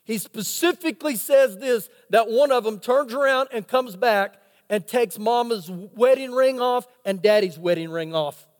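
A man's voice: very high voice, a little slow, few pauses. A male pastor preaching a sermon, telling a story dramatically and asking rhetorical questions. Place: church sanctuary. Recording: long reverb of a church hall.

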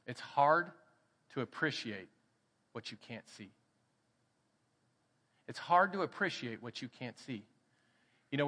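Male pastor, texan accent, bright forceful voice, animated storytelling, reverberant church hall. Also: medium pitch. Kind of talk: sermon with storytelling. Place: church sanctuary.

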